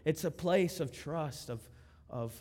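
A youth pastor preaches with passion, dropping to a hush and then rising to fervent appeals. His voice sits fairly high for a man. Long reverb rings through the church hall. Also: slow. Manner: impassioned, swings between hushed and soaring. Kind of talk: sermon.

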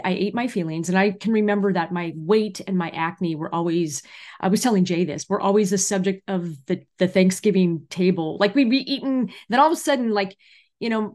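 A woman from California, a comedian guest, telling stories in an animated, chatty way during an interview. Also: mid-range voice. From California, USA. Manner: animated, chatty storyteller who acts out quotes. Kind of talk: casual interview storytelling.

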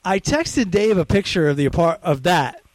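A man hosting a casual phone chat, an animated storyteller who swears freely and loudly acts out the people he quotes. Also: high voice, normal speed, no echo. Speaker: podcast host.

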